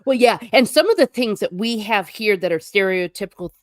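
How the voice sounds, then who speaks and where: A woman's voice: mid-range voice, fairly quick, no room sound, studio quality. A woman hosting a casual history chat over a video call, adding comments and encouraging her guest. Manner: affirming, encouraging listener. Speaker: host.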